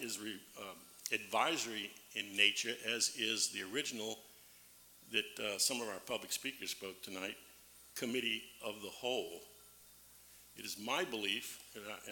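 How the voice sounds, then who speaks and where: A man serving as a parish councilman gives a formal floor speech, pausing often and reading legal text aloud slowly. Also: on the low side, vocal fry, bright, forceful tone. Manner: halting, reads legal text aloud slowly with many fillers. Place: council chamber. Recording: echoey meeting room with faint background hum.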